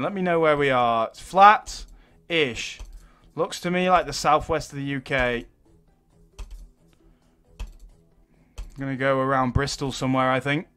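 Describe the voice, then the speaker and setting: A young man giving excitable live gameplay commentary as a gaming YouTuber, swearing and exclaiming when things go wrong. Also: on the high side, clear, resonant tone.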